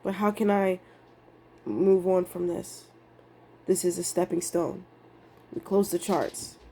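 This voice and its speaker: A woman's voice: on the low side, fairly even intonation, takes it slowly, mellow, a little hiss or hum. A young woman vlogging about her trading day, emotional and rambling, swearing casually as she talks. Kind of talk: candid emotional vlog monologue.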